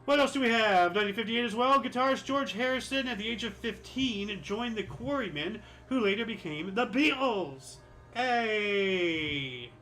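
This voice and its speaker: A man's voice: extremely high pitch, moderate pace, few pauses, bright, forceful tone, soft background music, low-quality recording. A man hosting a history show, reading through dates with sarcastic asides and correcting himself, his voice a little dry and cracking. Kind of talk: casual commentary reading dates.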